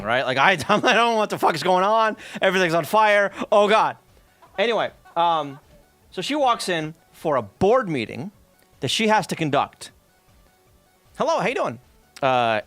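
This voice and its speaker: A man with a high, animated voice rambles through a story on his stream, swearing freely and piling up fillers and asides. His tone is bright and pointed, and his pitch swings widely. The sound is dry and close, with faint music underneath. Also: no echo. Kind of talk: casual storytelling chat.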